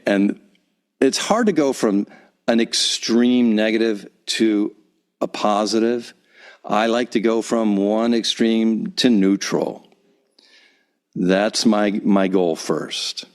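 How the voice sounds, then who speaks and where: A man teaching calm self-acceptance, guiding breathing in a slow, soothing way with soft repeated cues, recorded in a home vocal booth. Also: on the low side. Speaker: guest teacher. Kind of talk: calm guided breathing instruction.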